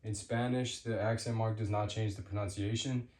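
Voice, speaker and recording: A man giving an unscripted language lesson, pausing often with ums and restarting his sentences. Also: fairly low pitch, little pitch movement, darkish tone, echoey room. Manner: hesitant, with many ums and restarts. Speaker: language teacher.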